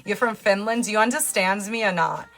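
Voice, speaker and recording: A woman's voice: medium pitch, fairly quick. Sarcastic New woman livestreaming. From New York. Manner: sarcastic, teasing, loud and lively. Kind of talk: casual live-stream chat, reading comments.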